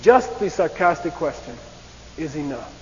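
A man teaching a class in a lively lecture style. He often checks in with "okay?" and acts out short debate phrases to show how they sound. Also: a little high, normal speed. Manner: animated, repeats "okay?" and acts out debate voices. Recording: long reverb, dull lo-fi hiss.

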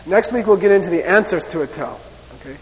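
A man lecturing to a class in a raised voice that keeps checking in with the room. His voice sits a bit high and trails off into a long hall reverb. The recording is dull and lo-fi, with a faint hiss underneath. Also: quick pace. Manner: animated, repeats "okay?" and acts out debate voices. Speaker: teacher.

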